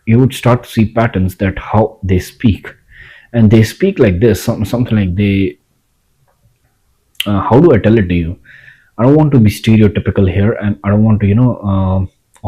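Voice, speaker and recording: A man's voice: lowish voice, warm tone, slightly rough, low-quality recording. A young man, talking casually to the camera in a rambling way, repeating himself and restarting lines. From India. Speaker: vlogger.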